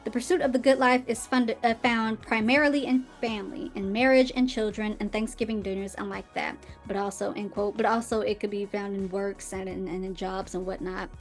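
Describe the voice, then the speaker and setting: A woman's voice: medium pitch, steady tone, fairly quick, hardly any pauses, soft background music. A woman hosting her own podcast, reading quotes aloud and answering them with sarcastic, emphatic commentary and laughs. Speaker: podcast host.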